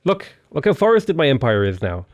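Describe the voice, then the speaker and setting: Excitable Irish man narrating gameplay. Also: on the high side, brisk. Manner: playful, excitable, jokey asides. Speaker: game commentator. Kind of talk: casual gameplay commentary.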